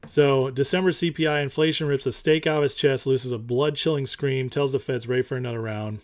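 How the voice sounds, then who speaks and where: A man hosting a casual stock market talk show, animated and opinionated, who repeats his points for emphasis. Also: brisk. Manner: mocks others in high put-on voices.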